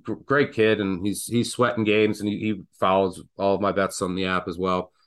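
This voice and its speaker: A man hosting a casual sports betting podcast, telling stories in an animated, excitable way. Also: sits low, moderate pace. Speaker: podcast host.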